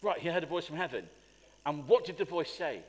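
This sermon comes from a man whose voice is on the high side and who talks a little fast. Animated, he asks the congregation questions and rises to emphatic peaks, all in a long, reverberant hall.

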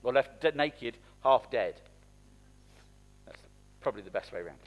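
A man's voice: medium pitch, animated, moderate pace. A man preaching in church, speaking conversationally and asking the congregation questions. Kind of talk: interactive sermon.

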